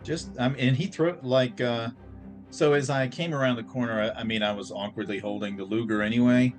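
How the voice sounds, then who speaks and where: A man's voice: medium pitch, fairly even intonation, fairly quick. A man playing a tabletop game, hesitant and joking, stumbling over words, with background music. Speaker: player. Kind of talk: casual tabletop play.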